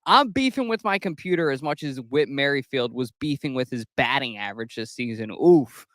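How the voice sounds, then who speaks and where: A man's voice: mid-range voice, lively intonation, moderate pace, fairly bright tone, no echo, studio quality. A young man hosting a sports podcast alone, recapping a game in a loose, chatty way with casual swearing. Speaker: podcast host.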